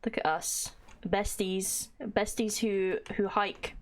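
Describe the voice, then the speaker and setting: A woman's voice: medium pitch, expressive, a little slow. A woman streaming a game live, chatting casually with her chat and reading in-game text aloud. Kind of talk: casual gameplay livestream chat.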